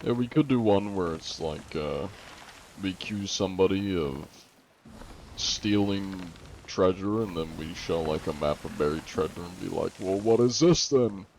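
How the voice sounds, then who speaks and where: A man's voice: low voice, moderate pace, a little mellow, a little hiss or hum, low-quality recording. A man streaming a game and chatting with teammates and viewers, role-playing a judge in a teasing, mock-formal way.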